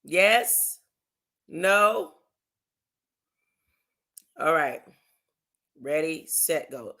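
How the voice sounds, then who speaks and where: A speaker preaching casually on a livestream, often asking "huh?" and reading documents aloud slowly with slangy asides. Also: medium pitch, gravelly, sharp tone. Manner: keeps asking "huh?" to the audience, slangy and emphatic. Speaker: religious commentator.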